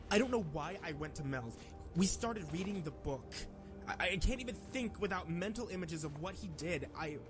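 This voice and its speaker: A man voicing a disturbed teenager reading out a diary in a horror story, his voice trembling and breaking into shouts and whispers. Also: a little high, lightly acted. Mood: uneasy. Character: disturbed teenage diarist haunted by a book.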